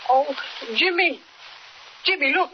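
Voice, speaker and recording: Flustered country aunt, twang, high voice, 1940s radio play, muffled old broadcast. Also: female voice, slow. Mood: fretful. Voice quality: folksy, flustered. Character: fretful older countrified aunt, excitable. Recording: dull old radio recording with hiss.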